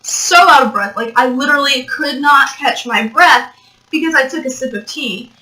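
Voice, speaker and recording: A woman's voice: sits high, moderate pace, bright, forceful tone, low-quality recording. A young woman rambling and joking as she tells a story in a casual vlog, recorded without her mic plugged in. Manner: rambling, joking, swears, laughs often. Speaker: vlogger. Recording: built-in mic, mic not plugged in.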